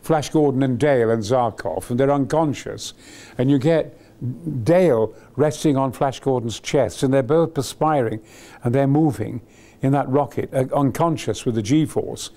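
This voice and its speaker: A man's voice: medium pitch, moderate pace, dark tone. An older man, being interviewed as an actor, reminisces in an enthusiastic, rambling way with many fillers and restarts.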